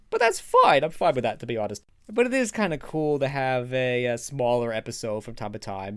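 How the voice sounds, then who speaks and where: Chatty higher-voiced man reviewing. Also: smooth, dry recording, clean studio sound. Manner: rambling, chatty, laughs often; animated, swings into high excited quotes. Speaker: video reviewer. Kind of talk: casual spoken review.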